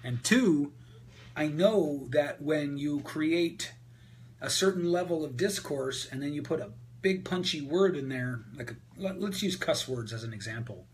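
A man on a video call coaches listeners on voice and presentation, candid and energetic, with plenty of ums and uhs along the way. His voice sits a little above the usual male range. A faint hum runs under the line. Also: on the high side, a little slow. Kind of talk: answering questions on a group call.

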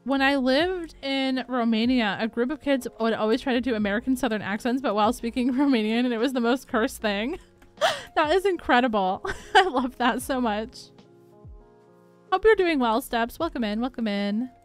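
A young woman hosting a relaxed gaming livestream, chatting upbeat and giggly with her viewers and reading their messages. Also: a little high, normal speed. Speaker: livestream host. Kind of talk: casual chat while gaming, reading chat. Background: faint background music.

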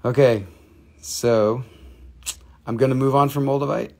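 Gravelly Southern man hosting a live sale. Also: medium pitch, steady tone, measured pace, mellow, slight background noise. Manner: joking, chatty, laughs at himself. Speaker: host of a live gem and mineral sale. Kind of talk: live selling chat.

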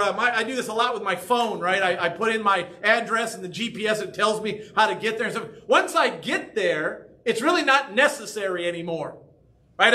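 A man's voice: high voice, bright, forceful tone. A man preaching a sermon as pastor, talking conversationally and often checking in with "right?" and "okay?". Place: church sanctuary.

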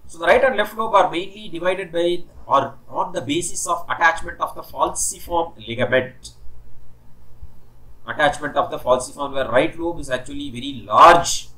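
A man teaching an anatomy lesson with a fairly high, bright and forceful voice. He walks through the material step by step, repeating key terms and pausing on "okay" before moving on. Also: low-quality recording. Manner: explanatory, repeats key terms, stops and restarts, says "okay" often. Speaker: anatomy lecturer. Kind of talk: recorded medical lecture.

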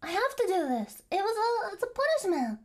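A woman's voice: very high-pitched, sing-song, a little fast. A young woman streaming from her apartment by an open window, flustered, giggling and swearing as she chats. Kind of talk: casual livestream chat. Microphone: headset mic.

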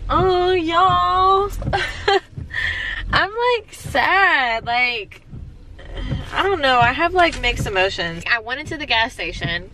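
A woman's voice: sits high, big pitch swings, slow pace, pushed and bright, poor audio. A young woman talking candidly to her phone camera inside her car, swearing freely and filling her talk with "like". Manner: candid, frank, swears often, many "like" fillers. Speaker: vlogger. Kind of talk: casual vlog talk to camera. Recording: car and road noise behind.

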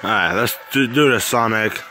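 A man's voice: mid-range voice, moderate pace, over music. A man in a casual fan video, talking loosely and unscripted, swearing and exclaiming while he plays a game. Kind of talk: playful toy role-play and gaming chat.

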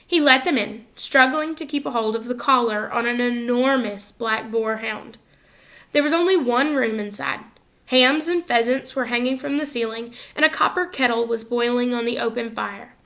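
A woman narrating a children's novel aloud in an expressive, lively reading style. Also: a little high, normal speed. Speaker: audiobook reader. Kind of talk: storybook narration.

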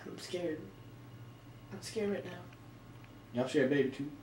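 A man's voice: on the high side, expressive, measured pace, darkish tone, distant mic, a little hiss or hum. A young man dubbing a movie scene as a panicky, easily scared guy lost in the woods, talking in a whiny, shrieky way. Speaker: amateur fan dubber. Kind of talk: goofy amateur movie dub. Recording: echoey room recording.

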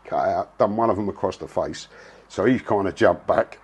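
A man's voice: fairly low pitch, expressive, fairly quick, darkish tone, slightly rough. A man, telling a story in a blunt, casual way, full of slang and swearing. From England. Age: 60s. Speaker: interviewee.

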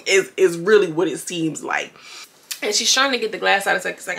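Woman commentator, lower pitched, crisp bright tone, chatty and blunt, home review vlog. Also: normal speed, slight background noise. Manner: chatty, addresses viewers directly; blunt, opinionated.

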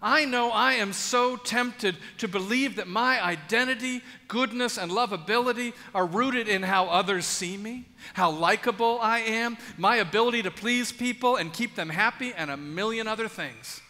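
Earnest, bright-voiced male preacher. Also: sits high. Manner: earnest, intimate preaching with dramatic pauses. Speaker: pastor. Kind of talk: sermon. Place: large church. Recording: long church reverb.

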